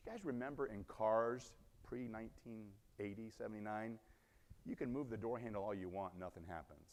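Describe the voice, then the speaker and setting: A man's voice: mid-range voice, quick pace. A man giving a conference keynote, telling a story animatedly, acting out the scenes and asking the audience questions. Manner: animated, acts out scenes, asks the crowd questions. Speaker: conference speaker. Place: large conference hall. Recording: long reverb in a large hall.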